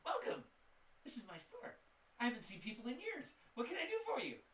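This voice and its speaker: A lonely village shopkeeper, thrilled to see anyone, cracks jokes in a high, bright voice, as a game master puts him on. He talks with a theatrical flair. It sounds like an echoey room, with the mic some distance away. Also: fairly quick, slight background noise, heavily acted. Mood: excited. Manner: high excited voice, joking and theatrical. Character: lonely eccentric male village shopkeeper, chatty and quick-witted.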